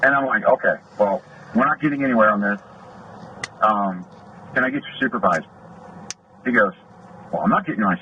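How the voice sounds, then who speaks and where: A man's voice: fairly low pitch, recorded from a distance. Aggrieved man retelling a roadside dispute. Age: middle-aged. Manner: aggrieved, indignant, acts out both sides of a quarrel. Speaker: off-duty deputy making a complaint. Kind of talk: heated retelling of a traffic stop. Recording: lo-fi dash cam audio with noise.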